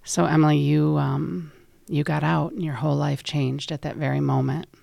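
Gravelly woman interview host. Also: low-pitched, level tone, normal speed, no echo. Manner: sympathetic, gently summarizing.

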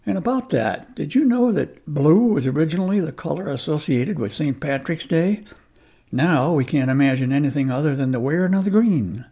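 A man's voice: fairly high pitch, animated, normal speed, dark tone, slightly rough. A man hosting a scripted radio commentary, wry and folksy in tone. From United States.

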